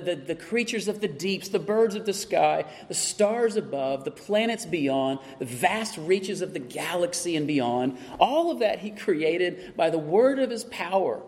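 A man's voice: sits high, a little mellow, long reverb tail. A man preaching a sermon as pastor, building emphasis with repeated phrases and questions.

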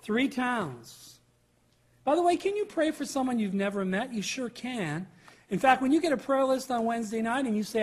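High-voiced emphatic male preacher. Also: lively intonation, moderate pace. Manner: emphatic preaching with rhetorical questions. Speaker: pastor. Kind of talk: sermon.

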